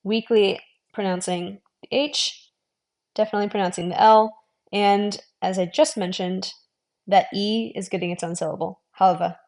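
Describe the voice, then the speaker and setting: A woman giving an online language lesson, modelling sounds slowly, repeating them and adding friendly, encouraging asides. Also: medium pitch, steady tone, a little mellow. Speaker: language teacher.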